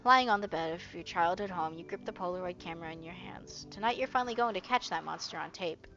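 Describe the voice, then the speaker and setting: A young woman streamer reading a visual novel aloud in a steady storytelling way. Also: lowish voice, fast, muffled recording, faint music behind.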